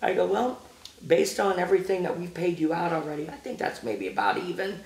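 A man with a Midwestern American accent, a podcast guest telling a backstage story in a casual, animated way and acting out the quotes. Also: high-pitched, a little fast, creaky, roomy sound, a little hiss or hum. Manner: animated anecdote teller who acts out quotes. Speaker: guest, former music venue promoter.

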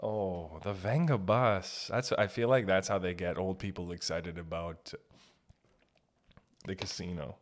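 A man's voice: deep voice, fairly even intonation, a little slow. A man hosting a casual solo podcast, rambling and making fun of himself. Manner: rambling, self-mocking, drops into silly put-on voices. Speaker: podcast host. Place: home podcast setup.

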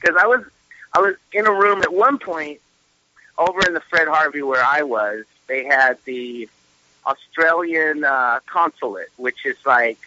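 A man's voice: on the high side, unhurried, sharp tone, dull audio. A man telling casual stories on a podcast, swearing freely. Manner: swears freely, tells stories with quoted asides. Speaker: podcast guest. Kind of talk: casual chat.

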